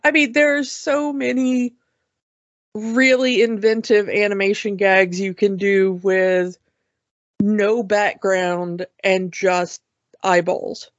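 A woman's voice: mid-range voice, steady tone, slow, no echo, highs cut off. A woman co-hosting a casual talk show about cartoons, chatty and enthusiastic, often restarting her sentences. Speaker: podcast co-host. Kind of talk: casual cartoon review chat.

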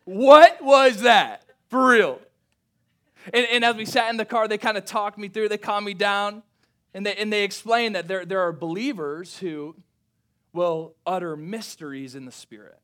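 A young male pastor tells a story from the pulpit in a high, bright, forward voice. He acts out family dialogue with big swings. He drops to hushed intensity for reflective moments. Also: steady tone, normal speed. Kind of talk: sermon storytelling.

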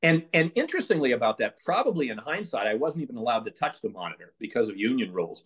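A man telling lively stories as a guest in an interview. He acts out quotes and laughs through his anecdotes. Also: mid-range voice, breathy edge. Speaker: podcast guest, former page.

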